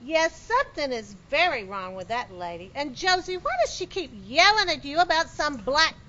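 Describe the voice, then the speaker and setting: A woman's voice: high-pitched, animated, normal speed, bright, forceful tone. A woman playing a gossipy pastor's wife. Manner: gossipy and prim. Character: nosy prejudiced pastor's wife. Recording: dull film audio with faint noise.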